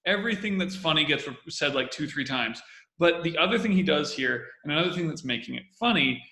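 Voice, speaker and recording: A man's voice: a little high, lively intonation, a little fast, pushed and bright, roomy sound. A man hosting a show that breaks down comedy, talking casually and energetically and repeating his key points. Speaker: host analyzing comedy. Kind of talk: casual video commentary.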